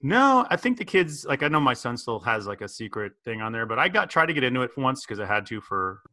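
A man in his forties hosting a podcast, chatting casually in a jokey, animated way. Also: mid-range voice, fast talker. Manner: jokey, animated, slips into impressions. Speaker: podcast host. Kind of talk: casual chat.

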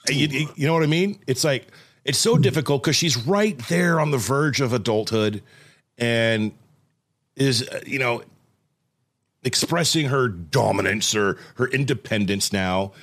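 A man's voice: medium pitch, measured pace. A man in his forties hosting a podcast, chatting casually and acting out the voices in his story. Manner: animated storyteller, acts out voices. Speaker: podcast host. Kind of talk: casual chat.

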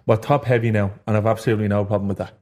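A man's voice: lowish voice, fairly even intonation, very fast, darkish tone. An Irish man co-hosting a podcast, talking football bluntly with swearing. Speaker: podcast co-host. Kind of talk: casual football chat.

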